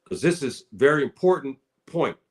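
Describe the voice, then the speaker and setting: A man's voice: mid-range voice, sing-song, moderate pace. A man giving casual spoken commentary, addressing listeners as brother and sister and often repeating his words.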